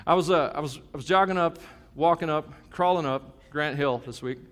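Pastor, man in his fifties, slightly high voice, casual and joking, then emphatic; long hall reverb. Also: normal speed, a bit bright. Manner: conversational, joking, emphatic preaching. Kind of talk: sermon.

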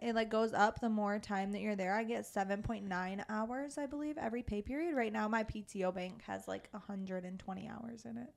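A woman's voice: medium pitch, fairly even intonation, fairly quick, vocal fry, few pauses. Young woman co-host, upbeat teasing chat with casual swearing. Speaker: podcast co-host.

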